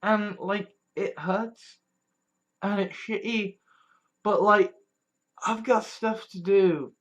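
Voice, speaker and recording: A vlogger in a candid personal monologue, blunt and profane, sighing and trailing off, then flaring into mocking loud bits. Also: medium pitch, fairly even intonation, slow pace, highs cut off. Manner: blunt and profane, with frequent sighs and trailing restarts; swings between weary mutters and mocking shouted quotes.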